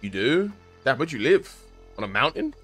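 A man's voice: mid-range voice, big pitch swings, moderate pace, a bit bright, slightly rough, soft background music. A young man chatting casually with his live-stream viewers while gaming, joking around and using slang. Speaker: game streamer.

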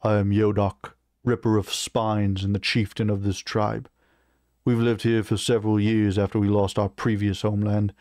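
A man voicing a proud, weary male orc chieftain who speaks slowly and firmly in a fantasy reading. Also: lowish voice, level tone, darkish tone, no room sound, clean studio sound, close to an everyday voice. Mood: composed.

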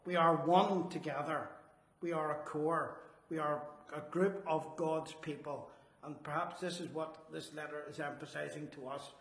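A man preaching a sermon, earnest and emphatic, slowing down on his key phrases. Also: fairly high pitch, fairly bright tone. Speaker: Salvation Army officer preaching. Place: church hall. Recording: echoey church hall.

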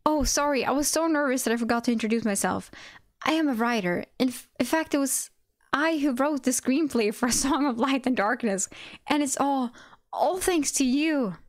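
A fawning male screenwriter gushes in a raised, bright voice, piling on overeager praise, as a woman reads him aloud. The sound is close and dry, with no room around it. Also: on the high side, brisk, dry recording, lightly acted. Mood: gushing.

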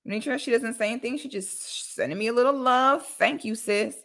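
A bright, forceful woman from Florida hosts a casual livestream, talking straight to her viewers. She is blunt and animated, with sudden loud whoops. Her voice sits a little high. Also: brisk. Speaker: livestream host.

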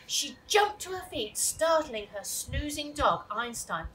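A woman reading a children's storybook aloud, lively and expressive. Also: high voice, a little slow, hardly any pauses. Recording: distant mic with steady hiss.

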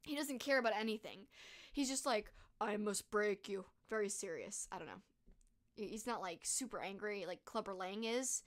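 A woman's voice: a little high, a bit bright. A young woman streamer chatting casually and reading out viewer comments, gushing and full of fillers.

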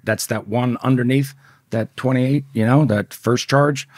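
A man with a mellow, mid-range voice and a steady tone speaks at a measured pace as a podcast guest being interviewed. He tells a story in a rambling, profane, conversational way, repeating words as he goes. The sound is clean studio audio with no echo.

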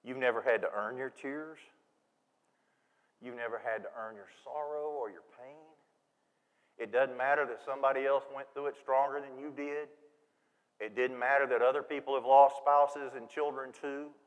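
A man preaching a sermon in a church, folksy and animated, acting out quoted voices. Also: medium pitch, moderate pace. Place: church sanctuary. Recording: long reverb of a church hall.

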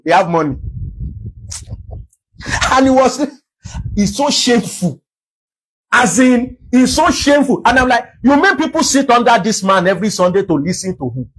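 A Nigerian man delivers a sermon in a high, somewhat husky voice. He preaches with emphasis and drives his points home with rhetorical questions. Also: fairly bright tone, rough recording. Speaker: pastor.

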